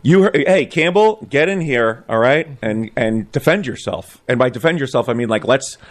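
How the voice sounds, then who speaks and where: A man's voice: medium pitch, animated, moderate pace. Joking male radio co-host. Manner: joking, riffs with mock voices. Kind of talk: casual banter on live radio.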